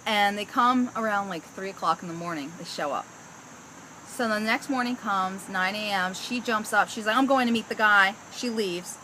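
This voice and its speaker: Chatty, exasperated woman with a bright voice. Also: mid-range voice, moderate pace, a little hiss or hum, poor audio. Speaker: vlogger. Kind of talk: casual storytelling.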